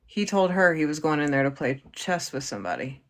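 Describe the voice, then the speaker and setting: A woman's voice: sits low, big pitch swings, a little fast. Woman host relaying a guest's words. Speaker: livestream host.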